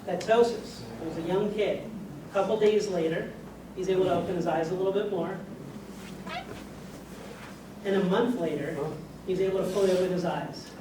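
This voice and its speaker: Heard from afar through a far room mic, a high-voiced man lectures on medicine to a live crowd in an echoing room. His style is conversational, posing questions to listeners, and a steady hiss of noise runs underneath.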